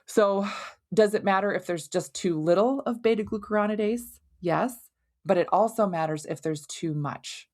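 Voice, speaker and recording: A woman hosting a health podcast, explaining in a conversational, animated way and leaning on everyday analogies. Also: medium pitch, normal speed. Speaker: podcast host and hormone health doctor. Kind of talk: educational podcast monologue.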